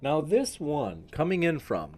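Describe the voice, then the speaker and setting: A man's voice: a little high, big pitch swings, measured pace, crowd noise. A man hosting a live-streamed debate podcast, chatting in a rambling, enthusiastic way and talking straight to his viewers. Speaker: debate show host.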